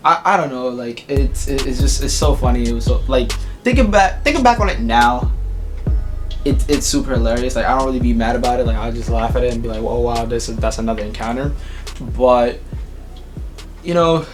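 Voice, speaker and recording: A young man tells a storytime on his vlog. He talks at a middle pitch, animated and swearing freely, jumping into the voices of everyone in the story. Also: a little fast, over music. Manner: animated, profane, acts out the people in his story. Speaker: YouTuber.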